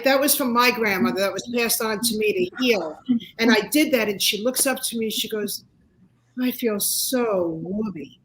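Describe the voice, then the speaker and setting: An animated woman in her sixties, guesting on a talk show. She tells personal stories and gives motivational advice, her voice sitting a little high for a woman. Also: low-quality recording. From United States. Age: 60s. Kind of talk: casual interview chat.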